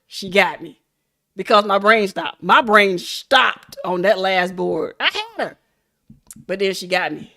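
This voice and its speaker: A woman hosting a casual livestream, chatting and laughing with viewers in an animated, hyped-up way. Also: fairly high pitch. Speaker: livestream host.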